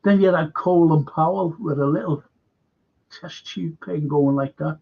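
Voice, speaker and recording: Gravelly rambling man, lo-fi stream. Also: on the high side, a little slow, long pauses. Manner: rambling, reads viewer comments aloud, trails off mid-sentence. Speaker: livestream host. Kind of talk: casual current-affairs livestream chat. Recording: dull lo-fi stream audio.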